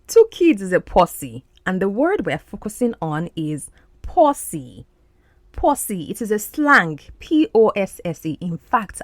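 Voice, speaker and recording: A woman who hosts a podcast, explaining film clips as an English lesson and repeating words slowly to model pronunciation. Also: fairly low pitch, no room sound. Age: adult. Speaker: podcast host and English teacher.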